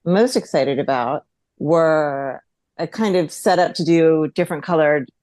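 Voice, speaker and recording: A woman co-hosting a podcast in casual chat, measured and conversational. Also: deep voice, darkish tone, no echo, studio quality. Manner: conversational, laughs easily, measured. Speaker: podcast co-host.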